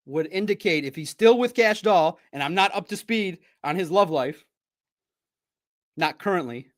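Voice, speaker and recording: A man hosting a live sports talk stream, talking straight to his viewers in a playful, animated way. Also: fairly high pitch, moderate pace.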